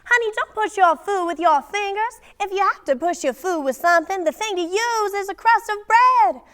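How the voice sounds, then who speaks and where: A woman's voice: very high voice, animated, normal speed, pitched above the performer's own voice. A woman performing a fussy, domineering mother lecturing her grown son about table manners, in a theatrical scolding delivery. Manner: scolding, loud and emphatic.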